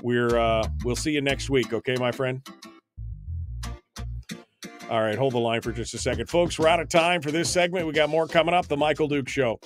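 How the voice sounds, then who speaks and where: A man's voice: medium pitch, fairly even intonation, normal speed, soft background music. A male talk radio host speaking live on air, rambling and flustered as he fixes failing studio gear, with many restarts.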